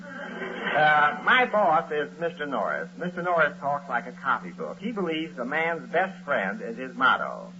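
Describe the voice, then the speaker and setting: An actor playing a long-suffering, sardonic husband who also narrates, in a 1940s radio comedy. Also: male voice, fairly high pitch, big pitch swings, measured pace. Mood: wry narration. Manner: dry and sardonic, wisecracking narration. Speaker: narrator and lead. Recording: dull old radio broadcast with loud hiss.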